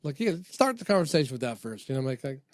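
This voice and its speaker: A man's voice: medium pitch, very animated, rapid-fire, dry recording, studio quality. A man telling a loose, profane story in casual comedy podcast chat. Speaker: podcast co-host or guest.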